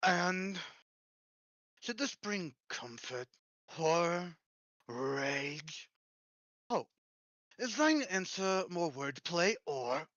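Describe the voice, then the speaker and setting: A man's voice: high voice, animated, drawn-out words, long pauses, a bit bright, dry recording, muffled recording, pitched above the performer's own voice, full character voice. A man voicing a haughty ancient male underworld god who speaks in stern, archaic formal speech.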